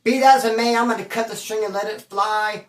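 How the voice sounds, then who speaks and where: A man's voice: high voice, steady tone, a little fast, distant mic. A man casually telling a prison story to camera in profane, rambling street slang. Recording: roomy echo, voice off-mic.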